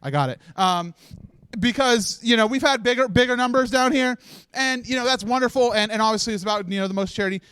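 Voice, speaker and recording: A man with a high, smooth voice gives a halting, tearful thank-you speech on a marathon stream set. He keeps restarting his sentences and laughs through his tears. The sound is dry and close. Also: a bit bright, dry recording. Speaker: marathon organizer giving closing speech. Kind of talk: emotional live speech. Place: stage set of a charity marathon livestream.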